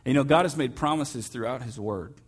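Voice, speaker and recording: A man preaching a sermon in a church as the pastor, in a relaxed storytelling manner with frequent fillers. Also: medium pitch, a little fast, slightly rough.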